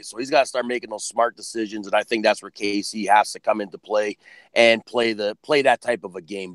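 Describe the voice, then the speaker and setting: Male podcast host, mid pitch, brisk and emphatic question-asker, dry close sound. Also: no echo. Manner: brisk, emphatic, leads the topics. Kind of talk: casual sports debate.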